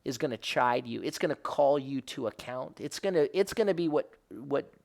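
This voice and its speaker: A man's voice: medium pitch, expressive, moderate pace, gravelly, darkish tone. A man as a rabbi giving an earnest devotional Bible teaching, rising to emphatic questions and often correcting himself mid-phrase.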